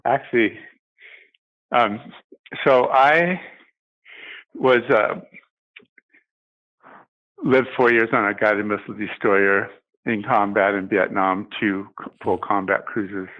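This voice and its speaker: Older man, lowish voice, halting testimony, muffled lo-fi sound. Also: steady tone. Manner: halting, many pauses and restarts. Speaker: guest. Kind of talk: personal testimony interview.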